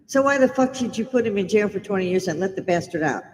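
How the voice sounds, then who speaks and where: A woman's voice: medium pitch, animated, fast talker, in a large hall, a little hiss or hum, low-quality recording. A middle-aged woman from Britain hosting a casual livestream from her home bar, blunt and swearing as she rants. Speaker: live stream host.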